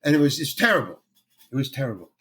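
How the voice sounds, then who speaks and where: A man's voice: medium pitch, fast. An older man, a veteran character actor, telling stories in an interview and acting out other people's lines as he goes. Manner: animated storyteller who acts out other people's lines. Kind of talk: storytelling interview.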